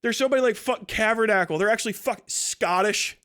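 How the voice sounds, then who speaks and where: In a high, slightly bright voice that is clear and resonant, a livestream host talks a little fast through an aggressive, jeering rant. He swears constantly and laughs with scorn throughout.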